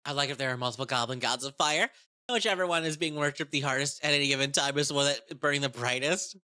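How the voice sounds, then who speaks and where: A woman chatting excitedly about a tabletop game, profane and rambling, often restarting her sentences. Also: a bass voice, quick pace. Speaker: game content creator. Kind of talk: casual tabletop game review.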